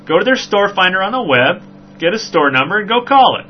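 A man hosting a podcast, telling a story in a rambling, animated way with frequent "right?" asides. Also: high voice, a little fast. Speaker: podcast host. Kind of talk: casual storytelling chat. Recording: dull lo-fi recording with faint hum.

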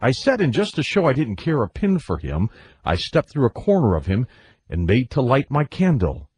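A man reads a classic ghost story aloud with lively, expressive storytelling. His voice is husky and his pitch rises and falls a lot. The recording is dry and close. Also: normal speed, dry recording. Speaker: audiobook reader.

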